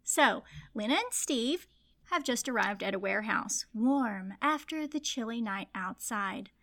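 A woman co-hosts a casual book podcast from her home. Her voice sits high and bright, and she rattles through her lines fast and animated, giggling often. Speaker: podcast co-host. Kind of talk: casual chat.

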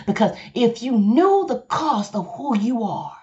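A woman's voice: mid-range voice, animated, moderate pace, gravelly, warm tone, dull audio. Passionate Southern woman pastor preaching. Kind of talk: podcast sermon.

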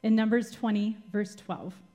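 A woman's voice: medium pitch, fairly even intonation, unhurried, dark tone. A woman giving a sermon as a Bible teacher, retelling scripture dramatically and asking the listeners rhetorical questions.

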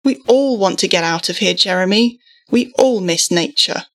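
A woman narrator voices a weary mother who keeps calm, speaking firmly and in a measured way. Her medium-pitched tone stays steady and controlled, like a storybook reading.

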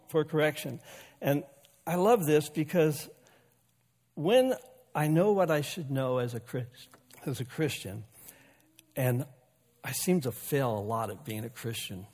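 A man's voice: a little high, a little mellow, slightly rough, long reverb tail. A male pastor delivering a sermon in a folksy, conversational way, joking with and calling out to his congregation. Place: church sanctuary.

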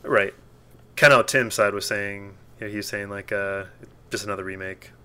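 A man's voice: on the low side, steady tone, moderate pace, over a noisy crowd. A man co-hosting a casual gaming chat, giving offhand, laid-back opinions. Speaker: podcast co-host.

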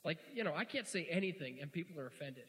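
A man preaching a sermon in a folksy, joking way, swinging from quiet asides to loud shouts, in a church. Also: on the high side, lively intonation, fast talker. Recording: hall reverb.

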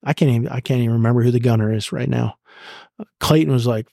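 This is a retired army sergeant major, a middle-aged man, recounting intense war stories as a podcast interview guest. His mid-range voice is creaky and quick, and he stays blunt, profane and vivid, shouting out orders as he acts them. The sound is dry, studio-quality and echo-free.

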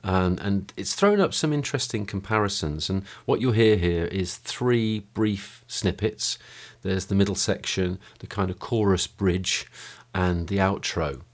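A deep-voiced man, talking a little slowly and barely pausing, hosts a podcast from a home studio room. It's casual chat and a wrap-up, and he speaks hesitantly with many fillers and restarts.

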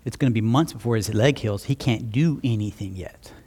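A man voicing an old farmer father in a sermon story, calm and unhurried. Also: husky. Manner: slow, unhurried and low.

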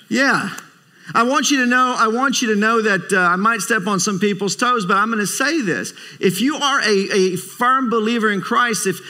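Visiting preacher guy, high bright voice, hammers his points, asks for amens. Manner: emphatic, repeats phrases for stress; calls for amens from the congregation. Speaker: guest preacher. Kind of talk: sermon.

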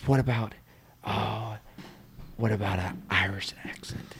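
A man's voice: lowish voice, fairly even intonation, a little slow, long pauses, fairly bright tone, husky. A man calling in, eager and stammering, giggling as he asks for requests. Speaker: caller. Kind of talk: comedy sketch.

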